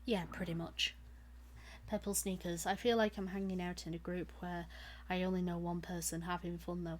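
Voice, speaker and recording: A woman's voice: fairly low pitch, level tone, normal speed. A woman hosting her live stream in casual chat, laughing often between her lines.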